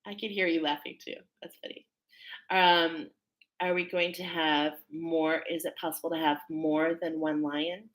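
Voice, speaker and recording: A woman's voice: low-pitched, moderate pace. A woman hosting a live stream as a spiritual reader, chatting casually and spontaneously, thinking aloud and laughing often.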